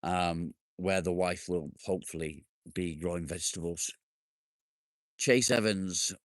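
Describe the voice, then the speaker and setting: A man's voice: low-pitched, fairly even intonation, unhurried, no echo, clean studio sound. A man hosting a casual live stream outdoors in his garden, bantering with viewers, joking, and swearing now and then. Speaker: livestream host.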